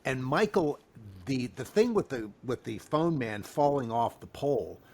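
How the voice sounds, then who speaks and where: A man's voice: medium pitch, very animated, unhurried, darkish tone. A man co-hosting a podcast in casual chat, reminiscing about filming and often backing up the others. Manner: reminiscing, backchannels often with yeah and right.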